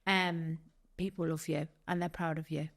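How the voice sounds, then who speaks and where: A woman's voice: low voice, flat delivery, normal speed, gravelly. A woman hosting a podcast, affirming and encouraging her guest in a supportive conversation. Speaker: podcast host. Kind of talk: supportive interview chat.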